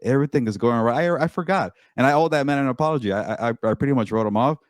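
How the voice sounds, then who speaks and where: A man with a mid-pitched voice giving emphatic sports opinions as a columnist. He stumbles over and repeats words when he gets going. The sound is dry and close to the mic. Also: quick pace, no echo. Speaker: sports podcast co-host and columnist. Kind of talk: casual sports talk.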